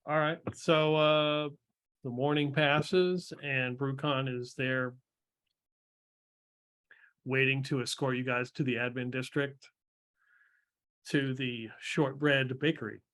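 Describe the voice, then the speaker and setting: A man's voice: medium pitch, level tone, slow, pauses often, a bit bright. A young man acting as game master, narrating a tabletop game in a meandering way with many fillers.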